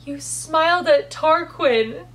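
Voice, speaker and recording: A woman's voice: high voice, slow pace, fairly bright tone, slight background noise. Woman doing a brooding, teasing male lover.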